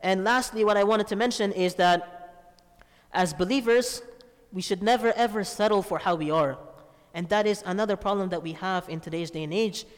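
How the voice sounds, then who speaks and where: A man's voice: high-pitched, normal speed, clear, resonant tone, long reverb tail. A man preaching a sermon, telling a story and asking rhetorical questions with a frequent "right?". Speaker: Islamic preacher.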